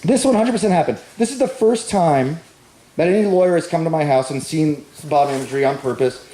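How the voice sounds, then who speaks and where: A comedian with a fairly high pitch and a warm tone keeps a brisk pace through his stand-up set. He tells a rambling tale poking fun at himself and chats back and forth with the crowd. It's a roomy live recording from a large, echoey venue packed with an audience.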